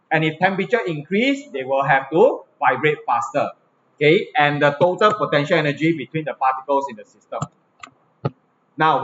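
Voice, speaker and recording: A man's voice: a little high, fairly bright tone, a little hiss or hum. Singaporean male physics teacher, lo-fi. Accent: Singaporean English. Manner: checks understanding with frequent tag questions. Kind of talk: classroom lesson. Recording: slightly dull lo-fi recording, faint ambience.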